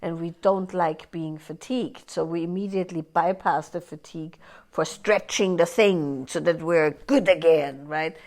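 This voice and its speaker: Teaching a live workshop, this woman speaks at a moderate pace in a lowish, darkish voice. She stays conversational, checking in with "right?" again and again and voicing inner thoughts as quoted asides.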